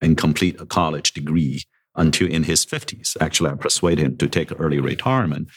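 A middle-aged man with an extremely deep, low voice is interviewed on a podcast in his role as a university president. He speaks fairly quickly into the microphone with a breathy edge, good-humored and self-deprecating, chuckling between remarks.

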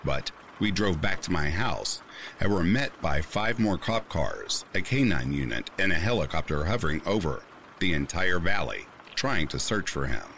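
A very deep-voiced man reads a scary true story aloud as scripted narration. His delivery swings widely in pitch as the tension climbs, with faint rain behind him. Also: big pitch swings, normal speed, a bit bright, slight background noise. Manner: reads a first-person account with rising tension. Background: faint rain sounds.

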